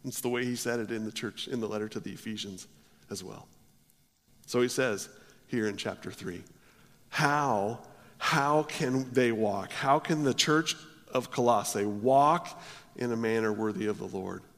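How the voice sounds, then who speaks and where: A male pastor preaching a sermon, often restarting his words, his voice swelling loud and then dropping low. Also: a little slow, in a large hall. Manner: stammering restarts, swells and drops in volume.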